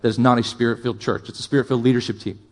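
A male pastor preaching a sermon, impassioned, with loud emphatic build-ups, quieter asides and jokes for the congregation. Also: medium pitch, fairly even intonation, rapid-fire.

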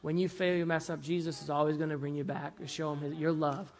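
A man's voice: a little high, flat delivery, fast talker, slight background noise. Man preaching a conversational sermon. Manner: conversational, asks the congregation "right?" and "amen?"; swings between loud emphasis and soft, hushed lines. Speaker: pastor.

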